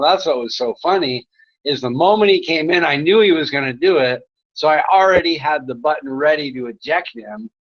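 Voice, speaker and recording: A man's voice: on the high side, fairly bright tone. Laughing, crude-talking man, lo-fi sound. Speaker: chat room host. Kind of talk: casual stream chat. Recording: dull lo-fi sound.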